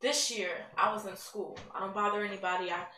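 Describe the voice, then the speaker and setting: A teenage girl giving a candid, rambling personal testimony, building to excitement at points. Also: mid-range voice, a little fast. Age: teens. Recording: echoey room, mic at a distance, faint noise.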